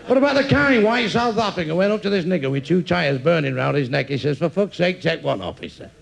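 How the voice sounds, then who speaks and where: A gravelly Mancunian man rattles off crude stand-up jokes in a high, bouncing voice that leaps up and down. He often chuckles at his own punchlines, and the recording is noisy and rough. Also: animated, quick pace. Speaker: stand-up comedian. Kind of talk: stand-up comedy routine.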